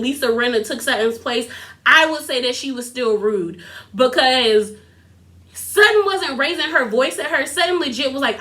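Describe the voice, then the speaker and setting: A young woman giving a casual, animated recap of a reality TV episode, sassy and quick to laugh. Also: sits high. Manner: animated, sassy, laughs often, quotes others in put-on voices.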